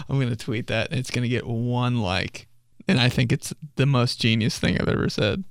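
A man's voice: medium pitch, a little slow, gravelly, pauses often, smooth, no echo, clean studio sound. A young man hosting a comedy podcast, telling stories casually, swearing and laughing at his own jokes. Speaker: podcast host.

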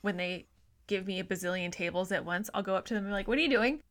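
A woman's voice: fairly low pitch, flat delivery, fast. Woman cohost on a movie podcast, blunt and sweary, acts out her stories. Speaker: podcast co-host. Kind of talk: casual chat about a film.

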